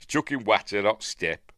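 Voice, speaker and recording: Chatty Yorkshire man, lively voice. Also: fairly low pitch, dry recording, clean studio sound. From Yorkshire, England. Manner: rambling, chatty, self-interrupting with fillers. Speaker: film review host. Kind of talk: casual live watch-along commentary.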